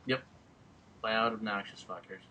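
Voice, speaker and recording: Bright-voiced New York man ribbing a friend. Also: on the low side, fairly even intonation, unhurried. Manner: loud, teasing, swearing freely. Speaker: podcast host. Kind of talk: casual podcast banter.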